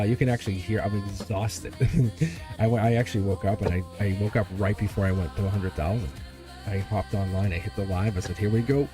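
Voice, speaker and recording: Man, tarot live-stream host, casual and rambling, low voice, faint background music. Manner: chatty, rambling, laughs often, talks straight to viewers. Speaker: tarot reader and channel host. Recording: soft music playing behind. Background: quiet background music.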